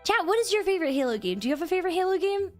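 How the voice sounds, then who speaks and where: A woman live-streamer chatting casually with her viewers, bubbly and excitable, breaking into squeals. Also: very high voice, racing, soft background music. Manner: bubbly, squeals and sing-song greetings.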